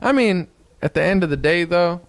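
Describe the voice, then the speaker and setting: Man, interview guest, fairly high voice, slangy, rambling, animated, dry close sound. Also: normal speed, dry recording. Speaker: interview guest, hip hop artist. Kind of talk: casual interview chat.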